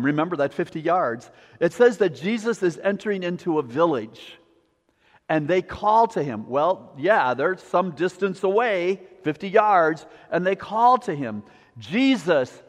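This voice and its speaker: A man preaching a sermon in a church sanctuary, his voice sitting a bit high for a man. He repeats lines in a steady preaching cadence and sometimes falls to a hushed, low tone. A long reverb from the hall hangs after his words. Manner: repetitive preaching cadence, drops to quiet. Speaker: pastor.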